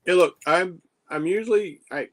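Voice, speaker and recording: A man's voice: sits high, normal speed, dry recording. A man playing a doctor in a tabletop game, joking with the table. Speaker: player. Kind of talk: casual tabletop game play.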